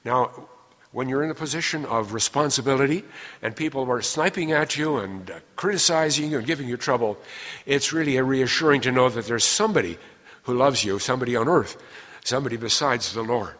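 A man's voice: medium pitch, brisk, a bit bright. A man teaching through a Bible passage, earnest and explanatory, stressing key words as he explains them. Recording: long reverb of a large hall.

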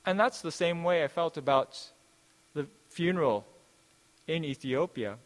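A man with a fairly high speaking voice preaches a sermon with earnest conviction. He drives points home by repeating phrases and slows right down to quote scripture. His voice rings with the long reverb of a large hall. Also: expressive.

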